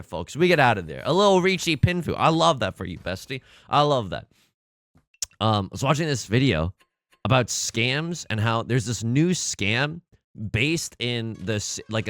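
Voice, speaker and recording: A young man chats through his gaming session in an animated, rambling way, jumping from topic to topic and joking at his own expense. His voice swings widely in pitch and sounds bright and forceful. Quiet game music plays underneath. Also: no echo, studio quality. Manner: animated, rambling, self-mocking asides. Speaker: let's play host. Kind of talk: casual gaming commentary.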